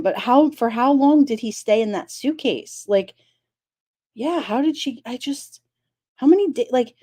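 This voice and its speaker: Dark-voiced woman in animated chat. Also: medium pitch. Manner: animated, exclaiming, laughing, incredulous. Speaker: streamer talking true crime. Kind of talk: casual live-stream chat.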